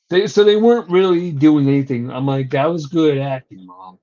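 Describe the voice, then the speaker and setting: A man's voice: a little high, moderate pace, few pauses, dark tone, a little hiss or hum. Profane, rambling young man chatting. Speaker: podcast co-host. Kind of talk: casual wrestling recap chat. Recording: dull lo-fi recording.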